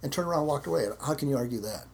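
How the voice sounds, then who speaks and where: An American martial arts instructor tells stories in a casual interview, repeating words and acting out quotes. His medium-pitched voice is expressive and very fast, with some vocal fry.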